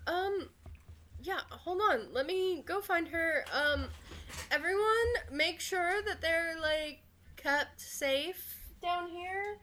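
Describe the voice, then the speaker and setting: Woman putting on a goblin doorkeeper, flustered, fussy, high voice, tabletop game. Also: slow, pushed and bright, heavily acted. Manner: dithering, fussy.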